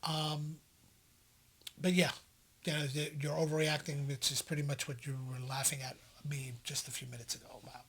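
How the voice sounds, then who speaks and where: A man's voice: a little high, normal speed. A man co-hosting a casual podcast, telling stories animatedly and acting out the people in them. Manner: animated storyteller, acts out quotes loudly. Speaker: podcast co-host. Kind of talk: casual chat.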